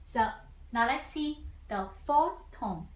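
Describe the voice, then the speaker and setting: A woman's voice: a little high, animated, takes it slowly. A woman teaching a Mandarin lesson patiently, repeating each sound twice in simple English. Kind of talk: slow language lesson. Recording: echoey room.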